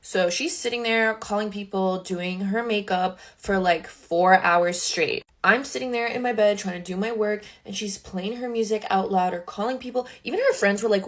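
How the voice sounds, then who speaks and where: A woman's voice: medium pitch, moderate pace, few pauses. A young adult woman, a social media creator, telling a casual storytime from her bedroom makeup table, chatty and full of "like" with indignant asides.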